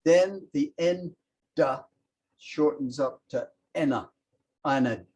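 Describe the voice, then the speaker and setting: A man's voice: on the high side, slow, darkish tone, slightly rough, dull audio. A man teaching a language class, patiently explaining grammar and demonstrating example phrases aloud.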